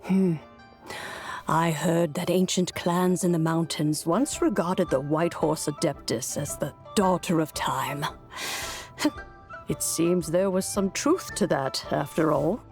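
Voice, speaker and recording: An actress voicing a calm, reflective game character who speaks of old lore. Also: female voice, deep voice, slow, soft background music. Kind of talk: video game voice acting.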